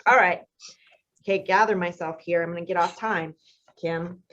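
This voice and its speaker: A woman's voice: fairly low pitch, fairly even intonation, moderate pace. Emotional woman host on muffled audio. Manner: emotional, warm praise. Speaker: event host. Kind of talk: hosting a graduation ceremony.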